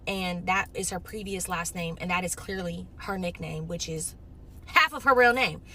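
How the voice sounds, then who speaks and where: A young woman from Los Angeles, telling a casual storytime monologue in an animated way, acting out the other people in her story. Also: fairly low pitch, normal speed, slight background noise. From Los Angeles, California.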